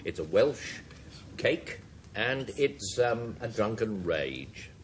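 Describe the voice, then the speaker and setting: A man hosting a panel word game, with measured, drawn-out phrasing. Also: fairly low pitch, big pitch swings. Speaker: quiz show host. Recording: studio audience and hiss behind. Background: studio audience.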